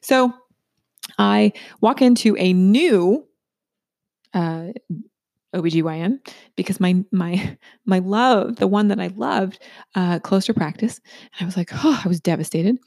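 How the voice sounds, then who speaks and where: A middle-aged woman talks through a personal story in a loose, chatty way, tossing in "right?" again and again. Her voice has a gravelly, fry-laden edge. The recording is dry and close, with no room sound. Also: medium pitch, measured pace, long pauses, darkish tone, dry recording. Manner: chatty, asks "right?" often.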